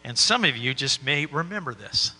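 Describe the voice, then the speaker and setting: A man's voice: medium pitch, lively intonation, normal speed, big-room sound, background noise. A man preaching a sermon in a folksy, encouraging way.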